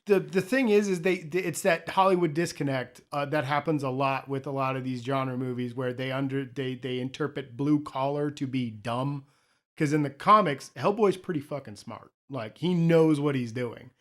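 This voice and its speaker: A man's voice: medium pitch, moderate pace, fairly bright tone. A young man co-hosting a podcast, rambling about movies in casual chat, often restarting his sentences and laughing. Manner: rambling, self-interrupting, swears, laughs often. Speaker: podcast co-host.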